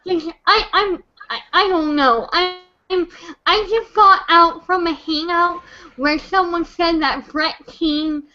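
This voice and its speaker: Drunk and on the edge of tears, a young woman rants emotionally in an online chat room, stammering, repeating herself and swearing. Her voice is very high-pitched and slow, and the recording is muffled.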